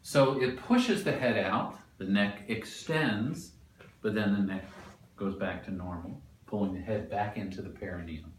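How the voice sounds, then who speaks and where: A man giving a classroom lecture, animated and quizzing the class as he explains. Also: lowish voice, unhurried, a little hiss or hum. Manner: animated, asks the class questions. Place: lecture room. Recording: echoey room, mic at a distance.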